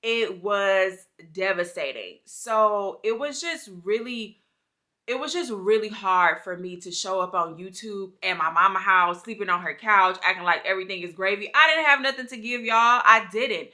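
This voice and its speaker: Bright-voiced woman vlogging heartfelt. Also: medium pitch, moderate pace. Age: 30s. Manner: heartfelt, slangy, talks straight to viewers. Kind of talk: candid personal vlog.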